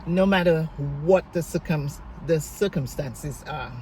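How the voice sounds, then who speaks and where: A woman's voice: deep voice, measured pace, warm tone, a little hiss or hum, low-quality recording. A middle-aged woman vlogger tells a family reunion story in a heartfelt way, sometimes tearful, and acts out what each person said. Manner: heartfelt, tearful at times, retells dialogue; gives faith-based encouragement. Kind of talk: emotional storytelling vlog.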